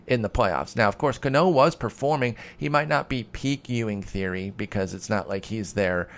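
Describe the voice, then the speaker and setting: A man's voice: fairly low pitch, moderate pace. A man hosting a casual solo podcast, answering listener questions in a rambling, self-deprecating way with bits of mock-heated sarcasm.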